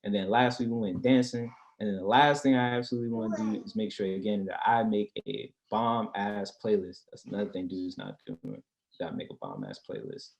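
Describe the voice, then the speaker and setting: A man's voice: fairly low pitch, fairly quick, vocal fry. A man in casual podcast chat, telling a story in slang with plenty of swearing and acting out the dialogue. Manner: animated storytelling, acts out dialogue; heavy slang and profanity. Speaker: podcast guest.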